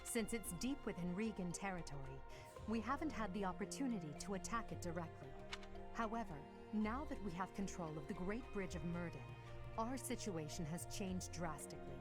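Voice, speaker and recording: An actress voicing a young female emperor in a video game, speaking in a measured, formal, authoritative way. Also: mid-range voice, animated, lightly acted. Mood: composed. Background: game music.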